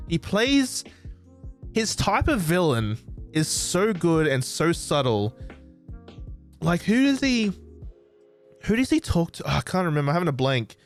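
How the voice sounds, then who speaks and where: An Australian man hosting a podcast, chatting excitedly and rambling, often losing track of names. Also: on the high side, unhurried, pauses often, faint music behind. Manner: excitable, rambling, forgets names mid-sentence. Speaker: podcast host. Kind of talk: casual chat. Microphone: desk microphone.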